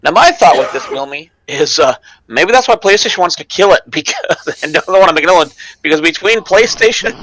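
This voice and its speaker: Bright, animated wisecracking man. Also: on the high side, fairly quick, few pauses, a little hiss or hum, low-quality recording. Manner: animated, wisecracking, laughs mid-sentence. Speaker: panelist. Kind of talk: casual online show chat.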